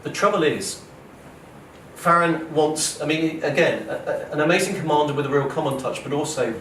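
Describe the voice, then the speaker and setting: A man, an author giving a lively storytelling lecture, acting out quoted speech and often checking in with "okay?" and "right?". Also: fairly high pitch, moderate pace. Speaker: author giving a public talk. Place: lecture hall at a museum. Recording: roomy hall, voice from a distance, faint noise.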